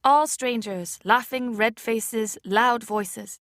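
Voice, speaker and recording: A woman reading an audiobook chapter aloud in a measured, expressive way. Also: fairly high pitch, no room sound, studio quality. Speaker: audiobook reader. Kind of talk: scripted narration.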